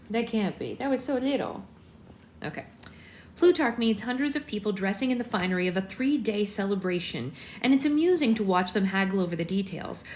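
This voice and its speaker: A woman hosting a live book club from home, reading a novel aloud in a gentle, unhurried voice and breaking into soft singsong baby talk to her infant. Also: mid-range voice, a little hiss or hum. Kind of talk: live read-aloud with casual asides.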